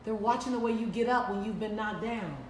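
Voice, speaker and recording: A woman speaker delivers a live motivational talk in a fairly high voice, repeating her lines with preacherly emphasis. She sounds a little far from the mic, and the room gives her voice a clear echo. A faint hum sits behind her. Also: fairly quick. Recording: echoey room, mic at a distance.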